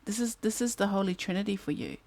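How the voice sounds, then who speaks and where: A woman's voice: medium pitch, expressive, fast talker, a little mellow. A woman, giving a casual tarot reading and chatting as she muses aloud over the cards. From New Zealand. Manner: chatty, musing aloud, breaks into snatches of song. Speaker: tarot card reader. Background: fan humming in the background.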